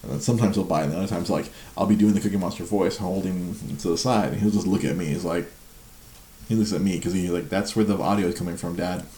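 Host: deep man, mellow and gravelly, rambling, chuckling and stammering in a roomy echo. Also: fast. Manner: rambling, laughs often, stammers and repeats words. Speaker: livestream show host. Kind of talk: casual chat. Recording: roomy echo with faint noise.

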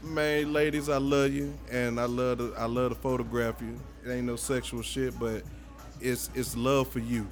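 A man speaking as a guest photographer in casual podcast chat, animated and swearing freely. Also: mid-range voice, normal speed, faint music behind.

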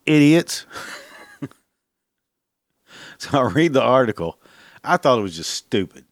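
A man's voice: mid-range voice, very animated, a little slow, no echo, clean studio sound. Profane, blunt man ranting on a podcast. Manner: profane, blunt, laughs at his own jokes. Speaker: podcast host. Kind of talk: casual solo rant.

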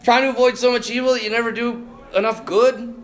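A man's voice: very high voice, steady tone, fairly quick. A man, a priest, giving an informal, joking retreat talk, laughing often as he preaches. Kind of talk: informal sermon.

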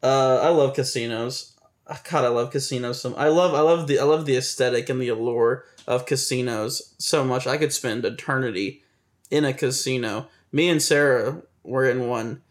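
A man's voice: mid-range voice, moderate pace. A man chatting casually and at length, self-mocking and laughing as he talks. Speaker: game master and podcast co-host. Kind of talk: casual chat.

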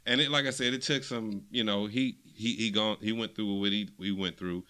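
A man co-hosting a casual podcast chat, telling a long animated story and acting out what others said. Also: on the low side, normal speed, clean tone. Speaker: podcast co-host.

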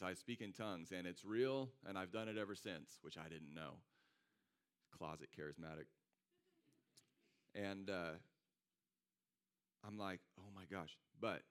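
A man preaching a sermon in a casual, conversational way, telling a personal story and acting out what his friends said. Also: fairly low pitch. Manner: animated, conversational, acts out quoted friends. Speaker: pastor.

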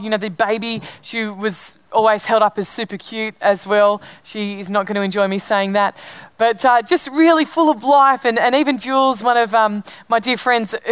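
A middle-aged woman preaches and tells a family story in a relaxed, conversational way. Her voice sits a little higher than most. The sound is dry and close, with no room echo. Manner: chatty storytelling with fillers and restarts. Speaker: pastor. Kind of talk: sermon.

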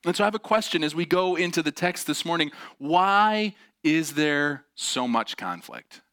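A man's voice: a little high, expressive, moderate pace, fairly bright tone, clear, resonant tone, no room sound, studio quality. A pastor preaching a sermon, telling personal stories in a conversational way and driving his points home with emphatic repetition.

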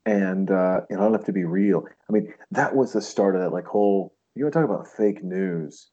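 A man's voice: sits low, a little fast, warm tone, breathy edge, highs cut off. A man hosting a casual podcast chat, rambling and slipping into put-on voices.

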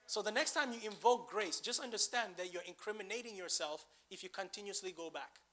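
A man's voice: sits high, a little fast, pushed and bright. A man preaching a sermon, asking the congregation questions and building to emphatic bursts.

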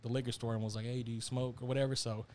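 A young man telling a story in casual chat, animated and slangy, acting out the quotes. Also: medium pitch, racing. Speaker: storyteller on a podcast.

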